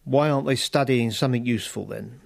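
A man's voice: mid-range voice, quick pace, vocal fry, no room sound, clean studio sound, natural voice. A man voicing a blunt, dogged middle-aged factory boss, read plainly without an accent. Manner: plain reading, no accent attempted.

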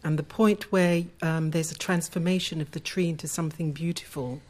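Woman, audience questioner, earnest, slightly halting, very low voice. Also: fairly even intonation, a little mellow. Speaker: audience member asking a question.

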